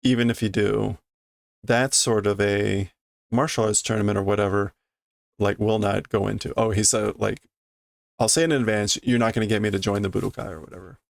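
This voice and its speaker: A man reading a manga aloud and translating it line by line, hesitant and self-correcting as he thinks out loud. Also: fairly low pitch, steady tone, a little fast, vocal fry, no room sound. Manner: hesitant, self-correcting, muttering through guesses.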